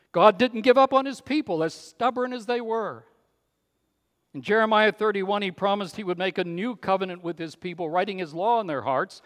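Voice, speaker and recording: A man preaching a sermon, emphatic and swinging from loud declarations to hushed, quiet phrases. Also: high voice, big-room sound.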